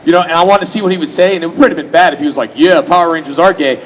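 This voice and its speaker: A man's voice: fairly high pitch, very fast, a little hiss or hum, low-quality recording. Joking Texan-raised man at a fan panel. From Houston, Texas, US. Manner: joking, animated, slips into mock voices for quotes. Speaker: convention panel guest. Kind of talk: casual storytelling to a fan audience. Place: convention panel room.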